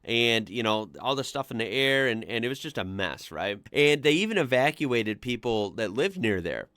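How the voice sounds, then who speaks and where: A man's voice: medium pitch, animated, moderate pace, a bit bright, smooth, dry recording, clean studio sound. An American man hosting a casual reaction video, chatting loosely with lots of "like" fillers and frequent laughter. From United States. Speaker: reaction channel host.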